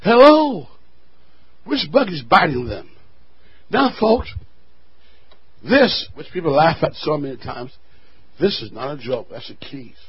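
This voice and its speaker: A man preaching a sermon to his church, swelling to loud shouts and dropping to quiet asides. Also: on the high side, very animated, measured pace, long pauses, husky, highs cut off. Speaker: pastor.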